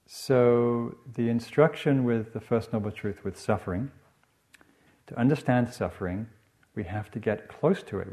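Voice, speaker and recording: A man's voice: mid-range voice, mellow. A middle-aged man from northern England, giving a reflective dharma talk as a meditation teacher, with frequent "you know" asides.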